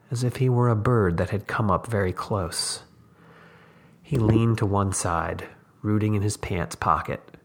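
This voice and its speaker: A man, the host, reading a short story aloud in measured, unhurried scripted narration. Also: low voice, vocal fry, breathy edge.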